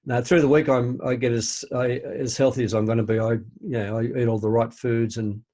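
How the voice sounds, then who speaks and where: A man's voice: mid-range voice, fairly even intonation, a little fast, mellow. An older man co-hosting a podcast, chatting casually in a rambling, hesitant way and laughing easily. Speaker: podcast co-host. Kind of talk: casual chat.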